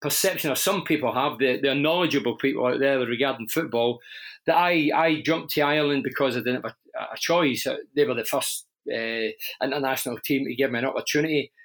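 A man's voice: mid-range voice, fairly quick, fairly bright tone. A middle-aged man from Scotland with a broad Glaswegian accent, telling stories candidly in an interview with frequent restarts. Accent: Glaswegian Scottish. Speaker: interview guest, former footballer and radio presenter. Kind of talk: conversational interview.

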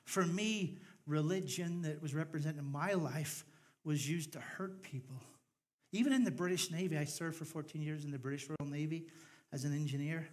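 Northern Irish male preacher, middle-aged, slightly high voice, jokey storytelling turning fervent. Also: moderate pace. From Northern Ireland. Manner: humorous storytelling, rising to fervent appeal. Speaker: pastor. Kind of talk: sermon.

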